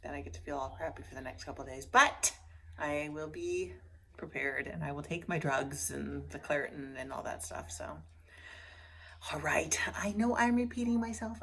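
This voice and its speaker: A woman's voice: deep voice, steady tone, moderate pace, creaky, a bit bright. A middle-aged woman talking casually to her camera at home, rambling between small stories with frequent laughs. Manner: chatty and rambling, laughs often, coos at her pets. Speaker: vlogger. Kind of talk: casual video diary. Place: at home indoors.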